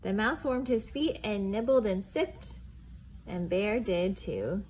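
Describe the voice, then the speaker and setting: A woman reading a picture book aloud to preschoolers, expressive and pausing to ask the children questions. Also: medium pitch, slight background noise. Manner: expressive, asks the young listeners questions. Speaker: children's storytime reader.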